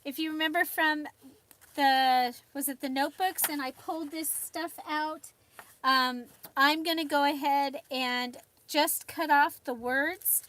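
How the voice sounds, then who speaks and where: Chatty high-voiced woman live-streaming crafts. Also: fairly even intonation, unhurried, fairly bright tone. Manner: chatty, laughs often, greets viewers by name. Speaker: livestream host. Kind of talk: casual live-stream chat. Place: home craft desk.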